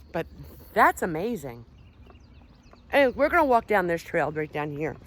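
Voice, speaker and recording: Woman rambling on a trail vlog, chatty, keeps getting sidetracked, swears a bit. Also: mid-range voice. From Pennsylvania, USA. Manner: chatty, rambling, easily distracted, swears casually. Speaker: paranormal vlogger. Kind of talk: casual walking vlog. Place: outdoors on a park trail.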